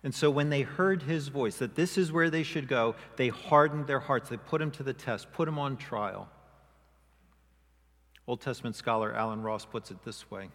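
A man's voice: mid-range voice, normal speed. Preaching man in a reverberant church hall. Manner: expressive preaching, acting out quoted voices with rising emphasis. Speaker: pastor. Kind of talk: sermon.

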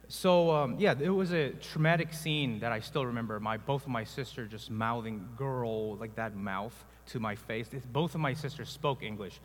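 A pastor from South Korea preaching a sermon, telling personal stories in a conversational way with many filler sounds. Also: male voice, medium pitch, normal speed, hardly any pauses, long reverb tail.

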